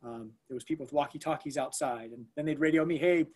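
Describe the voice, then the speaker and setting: A school staff member with a slightly higher-than-usual voice recounts an emergency in a relaxed interview, talking fast. He is animated, stumbling and restarting often and using lots of fillers, and he raises his voice to act out what people said.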